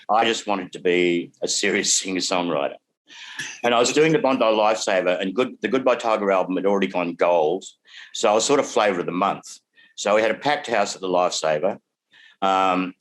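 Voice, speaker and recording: An older man with an Australian accent spins his stories in a lowish voice, chuckling between lines. He talks casually, as a guest on a video call. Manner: animated storyteller, laughs through his stories. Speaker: guest songwriter. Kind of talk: casual anecdote telling.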